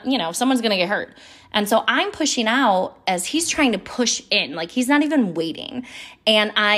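Animated woman telling a story. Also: mid-range voice. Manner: chatty, with frank asides and mild swearing. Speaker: podcast host. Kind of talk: casual personal storytelling.

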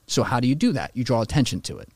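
Rapid-fire and slightly rough, this medium-pitched man talks on a casual podcast, swearing freely and voicing quotes mockingly. He's opinionated and animated, and the recording is dry.

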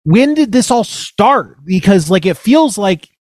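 A man's voice: sits high, sing-song, unhurried, darkish tone, no room sound. A man in his thirties co-hosting a casual podcast chat over a video call, rambling with many hesitations and fillers. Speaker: podcast co-host.

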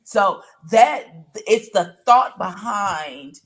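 A woman's voice: mid-range voice, animated, drawn-out words, a little hiss or hum. A woman on a review panel explaining her view at length in casual chat, acting out quoted lines as she goes. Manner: explains at length, acts out quoted lines, calls others beloved. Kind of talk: casual show recap chat.

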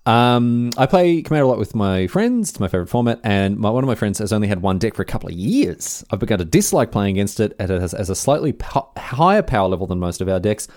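Animated Australian man chatting. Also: fast talker, few pauses. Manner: animated, jumps into high voices for quoted lines. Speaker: podcast co-host. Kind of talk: casual podcast chat.

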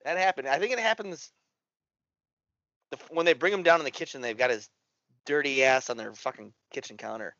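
A man chatting casually about a movie, swearing often and reacting with animated disbelief. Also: mid-range voice, a little fast, long pauses, no room sound, muffled recording.

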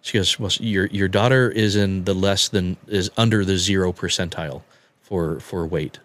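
A man telling a personal story on a podcast, halting and repeating words as he acts out what people said. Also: sits low, fairly even intonation, a bit bright. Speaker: guest telling his story.

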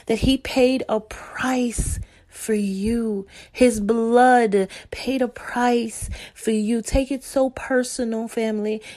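A woman's voice: on the high side, mellow. A woman speaking directly to her viewers with earnest, pleading devotional encouragement and repeated affirmations.

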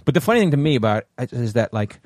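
A man's voice: medium pitch, very animated, quick pace, darkish tone, dry recording, studio quality. A man co-hosting a casual podcast, rambling through recollections with many fillers. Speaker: podcast co-host.

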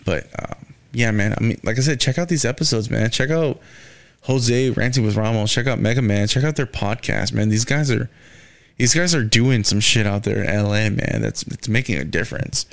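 On his solo podcast, a young host rants casually, rambling and cursing a lot while leaning on fillers such as "man" and "you know." His voice is mid-range and creaky at a moderate pace, recorded with no echo.

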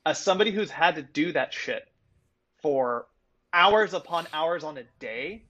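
Animated man on lo-fi audio. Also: on the high side, moderate pace. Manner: animated, swears freely, laughs between points. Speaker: podcast co-host. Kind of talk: casual sports chat.

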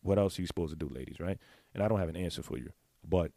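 Man, very deep voice, mellow tone, blunt slangy monologue, dry sound. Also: a little fast, no echo. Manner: confessional, speaks to the audience directly. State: clearing his throat often. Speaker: vlogger giving sex advice. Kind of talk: casual candid monologue.

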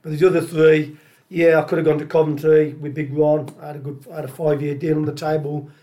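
Middle-aged man, rambling casual chat, a touch high-pitched. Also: little pitch movement, fairly quick, mellow. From Tipton, England. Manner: chatty, rambling, repeats phrases. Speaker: guest, former footballer.

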